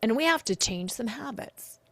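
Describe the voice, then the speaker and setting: A woman hosting a solo podcast as a coach, speaking earnestly and in an animated way, often acting out the lines she quotes. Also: a little high, moderate pace, dry recording. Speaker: podcast host and betrayal coach.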